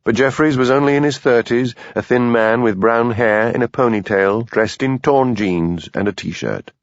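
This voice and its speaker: A man narrating an audiobook in a measured, expressive reading. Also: medium pitch, dry recording. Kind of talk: scripted narration. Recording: dull lo-fi dry studio recording.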